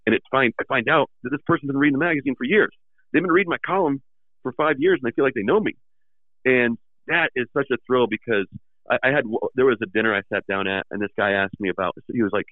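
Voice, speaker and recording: Fast-talking man on a tinny line. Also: fairly low pitch, dry recording. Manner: animated storyteller, acting out quoted people. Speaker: magazine editor and podcast guest. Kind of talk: casual storytelling chat. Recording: tinny phone-like sound.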